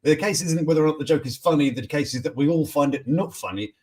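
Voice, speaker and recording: This fast-talking man has a fairly high, darkish voice. As host of a morning news chat stream, he runs a casual live show, joking and reacting chattily to viewers' comments.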